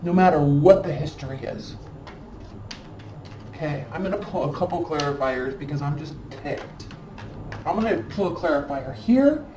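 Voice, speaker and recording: A woman reads tarot cards with a mellow, warm tone, her words emphatic and scolding as she drives points home by repeating them. She sits a little back from the mic in an echoey room with faint noise behind her. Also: sits low, animated, normal speed, pauses often, recorded from a distance. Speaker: tarot reader. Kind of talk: tarot card reading.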